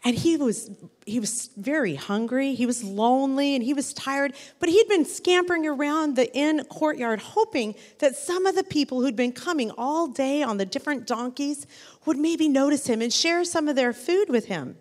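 A woman telling a story to a group of children, animated and asking them questions along the way. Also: sits high, moderate pace, big-room sound.

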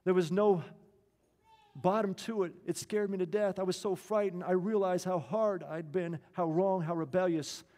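A man's voice: high voice, normal speed, a little mellow, close to an everyday voice. A man preaching a sermon voices a distraught young woman who repents and pleads, asking the same question again and again, in a reverberant hall. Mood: pleading.

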